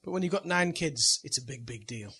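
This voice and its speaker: A man's voice: fairly high pitch, animated, brisk, vocal fry, sharp tone, husky. A middle-aged man, a pastor, telling a funny family story in a chatty sermon and laughing at it as he goes. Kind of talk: sermon with personal anecdote.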